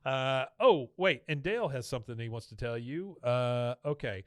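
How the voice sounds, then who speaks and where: A man's voice: medium pitch, lively intonation, normal speed, clear, resonant tone, no room sound, clean studio sound. A man hosting a podcast, chattily retelling a cartoon episode scene by scene with fillers. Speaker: podcast host. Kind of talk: casual episode recap.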